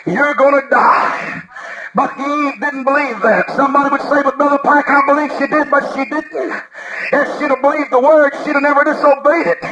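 A man preaching a fervent revival sermon, shouting and calling out to the congregation for amens at a church service. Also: very high voice, lo-fi sound. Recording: live service with congregation audible.

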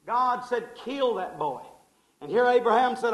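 A man preaching a sermon in a fervent, folksy way, swinging between loud passages and hushed ones and calling his listeners folks. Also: extremely high pitch, lively intonation, measured pace, poor audio. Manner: folksy, addresses the audience as folks.

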